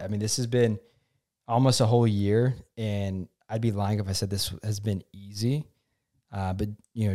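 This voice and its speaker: A man's voice: lowish voice, a little mellow. A man in his twenties talking earnestly as a podcast guest, rambling with fillers, feeling sick. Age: 20s. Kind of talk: casual podcast chat.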